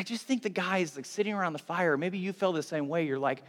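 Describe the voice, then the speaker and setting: A man preaching a sermon as pastor, telling the story with animated swings from loud bursts to hushed asides. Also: sits high, brisk, few pauses, big-room sound.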